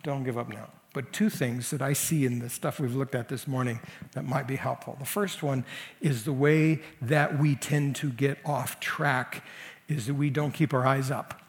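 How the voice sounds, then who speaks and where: A man's voice: medium pitch, steady tone, normal speed, in a large hall. A man preaching a sermon as senior pastor, talking to the congregation in a conversational and emphatic way. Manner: conversational, emphatic, leans into quoted voices.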